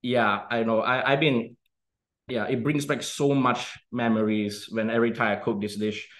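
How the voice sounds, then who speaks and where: A man's voice: mid-range voice, steady tone, moderate pace, a bit bright. A young man giving a casual cooking demonstration, chatty and often checking in with "okay?". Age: young adult.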